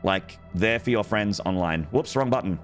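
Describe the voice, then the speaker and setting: Faint music plays behind this streamer, a man whose voice sits on the low side and moves at a moderate pace. He livestreams a game, talking to his audience in a loose, playful way that keeps breaking off mid-thought.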